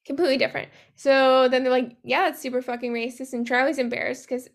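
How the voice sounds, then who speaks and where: A young woman co-hosting a podcast, casually recapping a movie in a chatty, profane way with quick asides, acting out the characters' lines as she goes. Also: sits high, little pitch movement. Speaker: podcast co-host.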